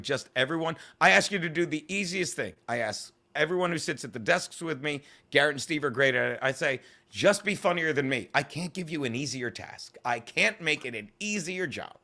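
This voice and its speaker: A male comedian telling rambling, profane stories in an interview. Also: on the high side. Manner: fast, swearing, animated storytelling. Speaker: comedian guest.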